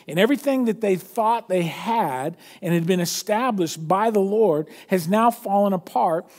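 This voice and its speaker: A man with a fairly high voice preaching a sermon. He reads scripture aloud, sinking low and quiet for the quoted words, then explains it in a loose, conversational way and corrects himself as he goes. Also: normal speed. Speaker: pastor.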